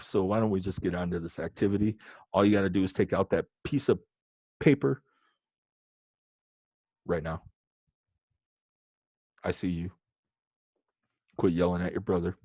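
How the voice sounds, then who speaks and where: A man's voice: fairly low pitch, dry recording. A man teaching an online lesson in a playful, joking way, talking straight to his students. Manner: joking, animated, talks to students directly.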